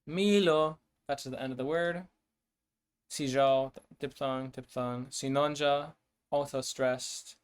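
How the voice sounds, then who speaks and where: A man's voice: on the high side, steady tone, slow pace, clear, resonant tone. A man streaming his language-building work, thinking aloud hesitantly with many fillers and restarts, sounding words out to himself. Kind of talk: thinking aloud while working.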